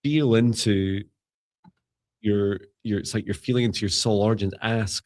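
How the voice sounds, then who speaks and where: A man's voice: lowish voice, normal speed, dry recording, studio quality. A man co-hosting a live spiritual reading stream, chatting casually in a rambling, musing way and laughing often. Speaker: psychic mentor and live show co-host.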